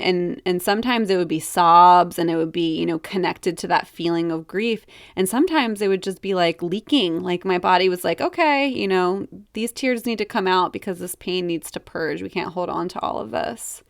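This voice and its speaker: A young woman with a fairly low voice and a lot of vocal fry talks through a candid personal monologue. She hesitates, restarts, and leans on "like" and "you know" while reflecting. The recording is dry and close. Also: no room sound. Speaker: podcast host.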